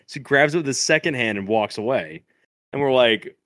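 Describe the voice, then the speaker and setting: A man's voice: medium pitch, lively intonation, a little fast, fairly bright tone, no room sound. A man in his natural middle register spins a rambling anecdote, swearing freely and breaking into laughter. The sound is dead dry and right up on the mic, with no room around it. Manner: loose, profane, laughs through his stories. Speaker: podcast co-host. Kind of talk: casual storytelling chat. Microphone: podcast microphone.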